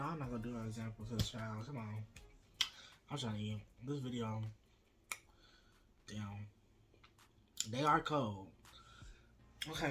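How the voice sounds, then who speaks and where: A young man hosting a casual mukbang vlog, talking straight to his viewers in a sassy, profane, expressive way. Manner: sassy, profane, expressive with wide pitch swings. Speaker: vlogger host. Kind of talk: casual mukbang chat to camera.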